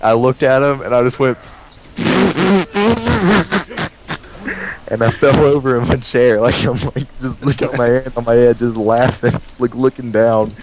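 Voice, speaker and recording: A man casually telling a story, animated and often breaking into laughter, with many "like"s. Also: medium pitch, a little fast, hardly any pauses, background noise.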